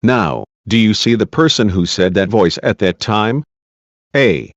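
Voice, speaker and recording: Male host reading a deposition aloud, slow, low lively voice, dry dull lo-fi sound. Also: no echo. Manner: reads speaker labels aloud. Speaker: channel host reading a court transcript. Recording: dull lo-fi recording.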